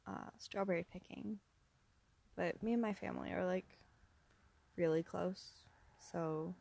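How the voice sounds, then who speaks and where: Slow, gravelly-voiced young woman rambling. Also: fairly low pitch, no room sound. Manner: rambling, soft-spoken, laughs often, drops to whispers. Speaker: podcast host. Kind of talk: casual solo podcast ramble.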